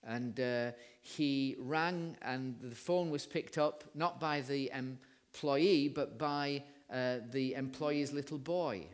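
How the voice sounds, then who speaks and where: A man's voice: medium pitch, steady tone, slow. A man with an English accent giving a sermon, telling a story and reading scripture aloud. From England. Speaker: preacher.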